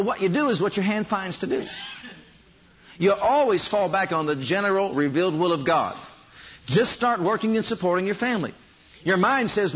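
Male preacher, fairly high husky voice, animated storytelling from the pulpit, slightly dull recording. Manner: animated storytelling, addresses congregation directly. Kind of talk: sermon.

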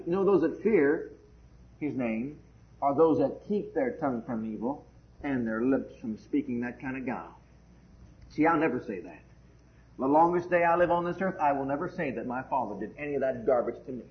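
Male preacher, high voice, fervent sermon delivery; roomy, dull-sounding recording. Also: animated, brisk. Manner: fervent, swings from hushed to loud. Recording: echoey, dull lo-fi church recording.

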